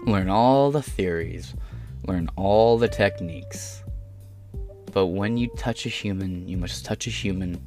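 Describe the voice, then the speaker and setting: Over faint background music, a Canadian podcast host delivers heated, profane ranting commentary, blunt and full of swearing. He has a deep voice and an unhurried pace.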